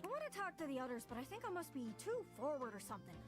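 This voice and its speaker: A woman's voice: sits high, sing-song, rapid-fire, music in the background. A woman with a Newfoundland accent voicing a chatty, eager young woman traveler in a game, rambling and apologetic. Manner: rambling, apologetic, folksy dialect. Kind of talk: game voice acting.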